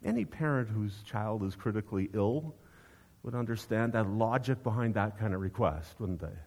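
A man's voice: fairly low pitch, moderate pace, a little mellow, breathy edge. Conversational male preacher. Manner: conversational, rhetorical questions. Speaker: pastor. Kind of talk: sermon.

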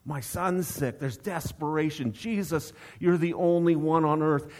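A man's voice: on the high side, measured pace, a little mellow, pitched above the performer's own voice, close to an everyday voice. A man preaching who acts out a desperate father begging for help for his sick son, urgent and imploring. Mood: pleading.

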